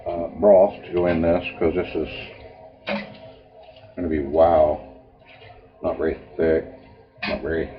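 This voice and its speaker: Deep-voiced older man rambling in his kitchen. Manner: rambling, folksy storyteller. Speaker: home cook. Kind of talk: casual cooking vlog. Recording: dull lo-fi home video with faint music.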